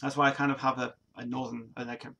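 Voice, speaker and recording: A medium-pitched, creaky, sharp-toned voice with little pitch movement belongs to a Nottingham livestream host in his forties. Speaking East Midlands English at a quick pace, he chats casually through viewer comments, rambling, restarting, dropping fillers and laughing often.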